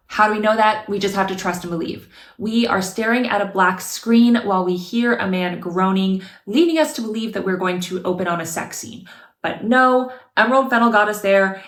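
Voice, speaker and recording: A woman reads her scripted review aloud with a wry, sarcastic edge. Her pitch sits in an everyday middle range. The recording carries a noticeable roomy echo. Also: brisk. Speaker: video essayist.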